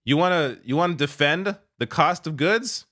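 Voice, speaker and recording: A man's voice: a little high, lively intonation, moderate pace, bright, forceful tone. Sarcastic male political commentator. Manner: sarcastic, exasperated, laughs often. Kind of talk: reacting to news clips.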